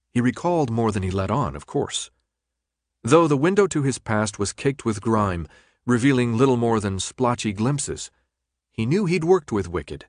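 An expressive male audiobook narrator speaks at a normal speed in a mid-range voice. The recording has clean studio sound with no echo.

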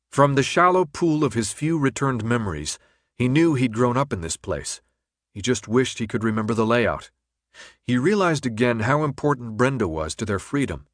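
A man reading an audiobook as narrator, with steady, even-paced storytelling. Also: mid-range voice, no echo, clean studio sound. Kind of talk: scripted narration.

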